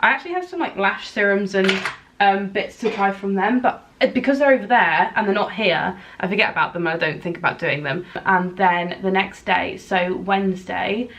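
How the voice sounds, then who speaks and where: A woman's voice: medium pitch, animated, moderate pace, a bit bright, a little hiss or hum. Chatty young woman vlogging. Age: 20s. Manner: chatty, rambling, self-deprecating. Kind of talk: casual vlog chat.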